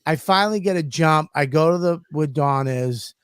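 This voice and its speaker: Cursing podcast guy ranting a story, kinda high voice, dead dry sound. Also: moderate pace, clear, resonant tone, no echo. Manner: profane, animated ranting. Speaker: podcast host.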